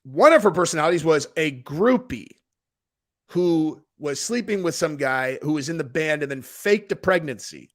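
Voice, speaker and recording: A man hosting a casual reaction show, talking in a rambling, animated way and saying "dude" often. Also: on the high side, moderate pace. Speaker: host reacting to a video.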